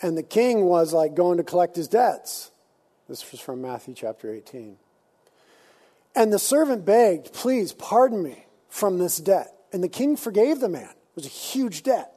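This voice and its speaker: A man preaching a sermon in an animated, conversational way, slipping into casual slang. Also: high voice, normal speed, breathy edge. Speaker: pastor.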